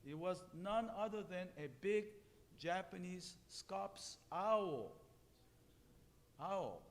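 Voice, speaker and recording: A male minister telling a story during a sermon, pausing to explain it and often restarting his words. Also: high-pitched, animated. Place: temple hall. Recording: long hall reverb.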